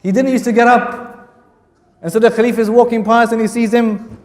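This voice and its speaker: A man's voice: very high voice, level tone, moderate pace, darkish tone. A male lecturer telling Islamic historical stories, repeating key phrases for emphasis and mixing Arabic quotes with English. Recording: echoey hall from far off.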